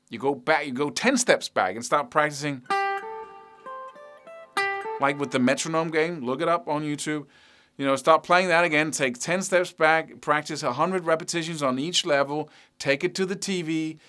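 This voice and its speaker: A man's voice: on the high side, a bit bright. A middle-aged man teaching guitar in a casual, blunt, emphatic way, often singing rhythms as "da da da". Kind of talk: casual spoken guitar lesson.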